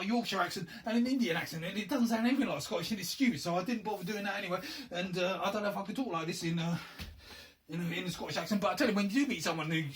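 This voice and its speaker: A middle-aged man rambles through an unscripted vlog, quick and self-deprecating, sometimes hunting for a word. His voice sits high, and the recording is a little distant, with faint noise behind it. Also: fairly bright tone. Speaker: board game box maker and reviewer.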